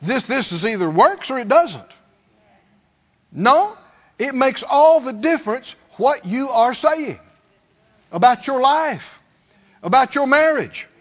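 A man's voice: very high-pitched, big pitch swings, slow pace, long pauses, a bit bright. A man preaching a sermon as pastor, calling out to the congregation and acting out complaining voices. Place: church sanctuary. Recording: dull sound, long hall reverb.

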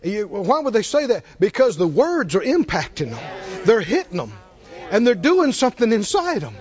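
A man delivers a sermon in a high, bright-pitched voice. He presses the congregation with rhetorical questions and emphatic turns. The recording is dull and lo-fi. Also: huge pitch swings, moderate pace. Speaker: preacher.

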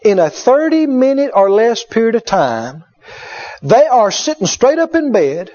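A high-pitched, middle-aged male preacher delivers a story-driven sermon and hammers phrases home by repeating them. The recording sounds dull and lo-fi. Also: very animated, measured pace, mellow. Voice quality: emphatic, repetitive storyteller.

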